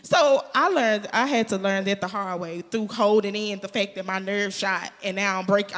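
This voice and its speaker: A woman telling a candid story in a casual panel chat, animated and laughing as she talks. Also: medium pitch, normal speed, in a large hall. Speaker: panel guest.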